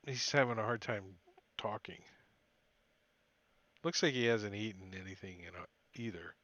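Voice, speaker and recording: A man's voice: on the low side, normal speed, long pauses, a bit bright, no echo, highs cut off. A man narrating a tabletop game as game master, casual with many fillers.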